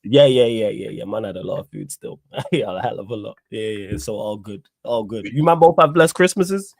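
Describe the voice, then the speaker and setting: A man's voice: fairly low pitch, brisk, creaky, darkish tone, dry recording. A man hosting a live stream, chatting casually about football with street slang and a laid-back manner. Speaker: livestream host.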